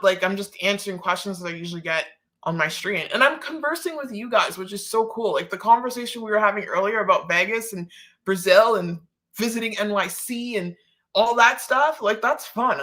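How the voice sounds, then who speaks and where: A woman's voice: mid-range voice, normal speed, pushed and bright. A woman from the Caribbean hosting a casual live-stream Q&A, chatty and full of "like" and laughing asides. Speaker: host.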